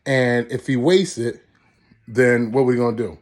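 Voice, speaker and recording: A man's voice: medium pitch, a little slow, natural voice. A man doing an exasperated, pleading father.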